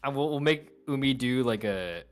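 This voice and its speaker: A co-host on a game stream, chatting casually and retelling a film plot in an animated, rambling way. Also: mid-range voice, moderate pace. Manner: animated, chatty, lots of "like" fillers.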